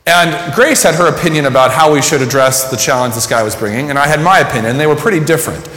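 A man's voice: fairly high pitch, fast, a bit bright. A man preaching a sermon, telling a personal story and reflecting in a conversational way. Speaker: pastor. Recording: echoey hall with long reverb.

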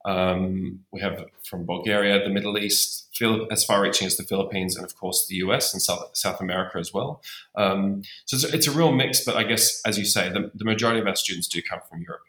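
A man, speaking as a musical theatre program head in an interview, thoughtful and hesitant with many pauses. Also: deep voice, fairly even intonation, pushed and bright, roomy sound, low-quality recording. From Australia. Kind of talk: podcast interview.

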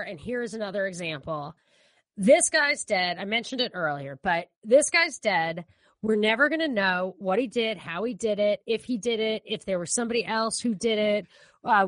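A woman's voice: medium pitch, a bit bright, no echo. Opinionated female podcast co-host. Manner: opinionated, conversational, restarts often. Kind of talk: casual political podcast chat.

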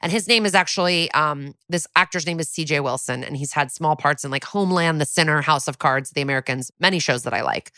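Podcast lady chatting thru a recap, swears a bit, bright tone, dry mic. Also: low voice, fast talker, few pauses, no room sound. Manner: chatty, swears casually, lots of fillers. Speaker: podcast co-host. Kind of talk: casual episode recap.

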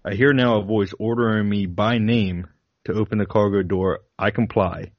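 Low-voiced man reading aloud dramatically. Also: steady tone, normal speed, dry recording, muffled recording. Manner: dramatic reading with laughs breaking in. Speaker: podcast co-host. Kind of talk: reading a flight log aloud, then casual chat.

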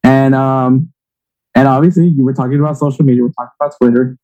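A man's voice: medium pitch, steady tone, fast talker, warm tone, highs cut off. A man co-hosting a sports podcast, rambling and teasing in casual chat. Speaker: podcast co-host.

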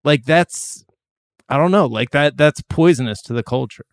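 Gravelly, smooth-voiced podcast man. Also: a little high, moderate pace, no echo, studio quality. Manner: rambling, offhand, profane. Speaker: podcast co-host. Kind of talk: casual chat.

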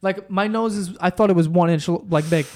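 A man's voice: sits high, a little fast, darkish tone. A young man, a podcast guest, chatting casually and getting worked up as he tells stories, with some swearing. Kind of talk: casual chat.

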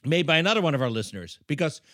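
Animated, playful male podcast co-host. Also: a little high, no echo, clean studio sound. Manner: playful, teasing, dramatic pauses. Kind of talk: casual comedic banter.

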